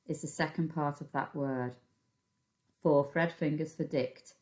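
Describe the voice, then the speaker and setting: A low-pitched woman with a British accent teaches a recorded phonics lesson to young children. She speaks at an unhurried pace, patiently breaking words into sounds. She records at her computer. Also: steady tone, a little mellow. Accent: British English. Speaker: primary school teacher. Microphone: computer microphone.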